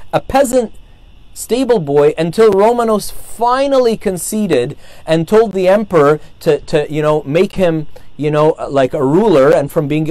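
A man's voice: fairly high pitch, darkish tone, no echo. A man casually retelling a saint's life, rambling, with many fillers and restarts. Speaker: storyteller.

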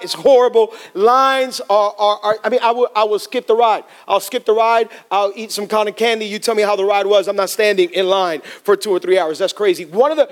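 A man preaching to a congregation as pastor, telling funny stories in an animated way. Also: sits high. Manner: humorous, animated storytelling to a congregation. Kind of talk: sermon. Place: church in front of a congregation.

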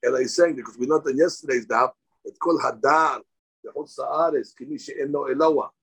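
A man teaches a daily live Talmud class, reading Aramaic lines aloud, explaining them in English, and rising sharply on key points. His medium-pitched voice is fairly quick and slightly rough, on a low-quality recording.

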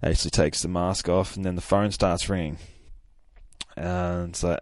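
Low-voiced hungover man rambling about comics. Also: fairly even intonation, measured pace, no echo, studio quality. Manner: rambling, profane, full of fillers. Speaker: podcast host. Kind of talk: casual comic book recap.

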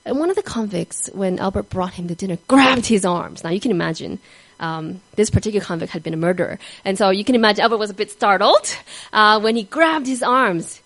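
A woman telling a story in a sermon in an earnest way, sometimes dropping to a soft whisper on key words. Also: mid-range voice, a little fast, no room sound, rough recording. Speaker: speaker giving a devotional talk.

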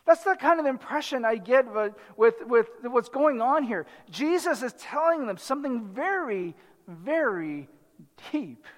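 Speaking a little slowly in a large hall, a pastor with a very high, animated voice preaches conversationally. He keeps checking in with the congregation, dropping in "right?" again and again.

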